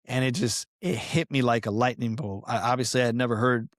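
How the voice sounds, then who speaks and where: A middle-aged man from Colombia talks as a podcast guest in a medium-pitched voice. He tells his story earnestly and with animation, dropping in casual fillers. The sound is dry and close. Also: a little fast, no room sound. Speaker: podcast guest, pastoral counselor and fitness coach.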